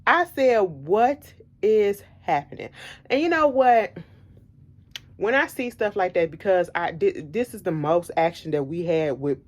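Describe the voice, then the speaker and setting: A woman vlogger telling a story in casual chat, animated and emphatic, repeating her points bluntly. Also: lowish voice, normal speed, a little hiss or hum.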